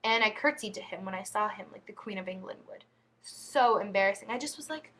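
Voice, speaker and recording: A woman's voice: mid-range voice, a little fast, pushed and bright. A woman vlogging, telling embarrassing stories in a chatty, giggly, rambling way. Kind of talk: casual storytelling to camera.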